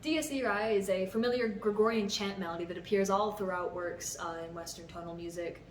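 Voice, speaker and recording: Her mid-range voice, fairly even in intonation and a little fast, belongs to a young composer methodically and patiently breaking down the theory of her own piece, occasionally counting beats aloud. The explanatory music-theory talk was captured by a distant mic, sounding roomy with music underneath.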